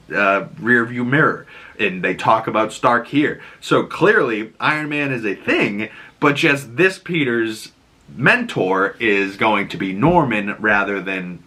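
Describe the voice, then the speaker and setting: A man's voice: fairly low pitch, sharp tone. A man hosting a casual episode breakdown, rambling with lots of fillers and acting out lines of dialogue. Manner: rambling, many fillers, acts out quotes. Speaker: host.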